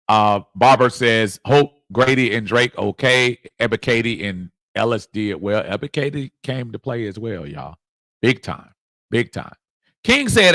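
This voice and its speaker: A middle-aged man hosts a fan livestream, his voice bright and forceful. He talks in a lively, chuckling way as he reads off viewer comments and shouts people out. The sound is close and dry. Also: on the low side, no echo. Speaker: livestream host. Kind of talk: casual sports chat reading viewer comments.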